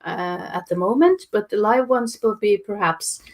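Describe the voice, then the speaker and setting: A woman's voice: mid-range voice, normal speed. A woman guest artist talking casually on a video call, hesitant with many fillers. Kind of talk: casual interview chat.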